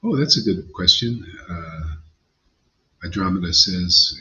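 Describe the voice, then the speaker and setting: A man's voice: low voice, expressive, slow pace, sharp tone, lo-fi sound. A man giving an informal devotional sermon as a spiritual teacher, blunt and emphatic, with slangy asides.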